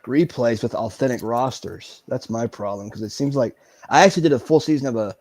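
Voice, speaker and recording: A man speaks as a podcast guest in a mid-pitched voice. He talks haltingly and stops to search for words while he explains. The recording is dry, with no room sound. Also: a little mellow, no room sound. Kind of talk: casual chat.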